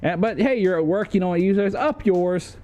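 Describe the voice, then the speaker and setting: A man's voice: high voice, a little fast, mellow, highs cut off. A young man streaming, chatting casually in a jokey, profane way.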